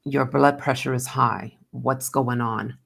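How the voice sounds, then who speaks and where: A woman reading the lines of a calm male doctor, speaking in a measured, soft way. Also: rumbling low, gravelly, slightly rough, pitched below the performer's own voice, exaggerated voice.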